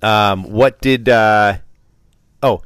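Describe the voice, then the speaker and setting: A man's voice: fairly low pitch, very slow, a bit bright, clear, resonant tone, dry recording, clean studio sound. A middle-aged man hosting a casual sports chat, rambling and teasing, often restarting his sentences. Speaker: podcast host.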